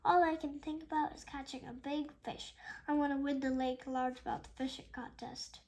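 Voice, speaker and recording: A woman's voice: high-pitched, fairly even intonation, normal speed, darkish tone. A woman reading the lines of an earnest young girl who is set on catching a fish. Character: young girl, eager angler.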